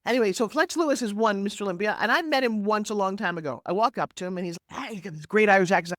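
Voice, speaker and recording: A woman in her sixties talks as a podcast guest over a video call, energetic and emphatic, her voice leaping up and down as she tells her story. Her pitch sits in a middling range. The sound is dry and close, with no room around it. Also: racing, hardly any pauses, dry recording. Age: 60s. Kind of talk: animated interview storytelling. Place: home office, Florida.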